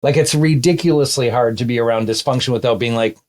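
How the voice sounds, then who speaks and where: A fifty-something man who co-hosts a podcast as a couples therapist. He chats casually and animatedly, spinning stories with rapid asides in a voice of middling pitch. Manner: animated, tumbling storyteller with quick asides. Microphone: remote call setup.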